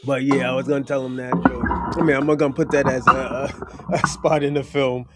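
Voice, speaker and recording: A man's voice: mid-range voice, little pitch movement, a little fast, soft background music. A young man rambling casually about his film, laughing often, stumbling over his words and swearing. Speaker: filmmaker talking about his movie.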